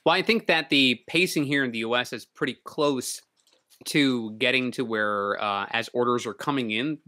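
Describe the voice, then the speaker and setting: A man co-hosting a casual podcast, explaining things in a brisk way. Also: medium pitch, bright, forceful tone, dry recording, studio quality. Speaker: podcast co-host.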